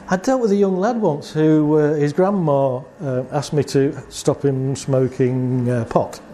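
This therapist has a slightly high, warm voice and a measured pace as he talks casually about his work. He shares client stories, voicing both people and asking rhetorical questions, over a faint hiss or hum.

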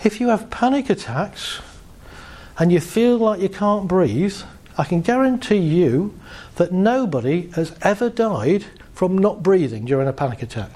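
A therapist guides a group through a visualization, calm and measured in pace. He's a man with a high-pitched voice who laughs softly between points.

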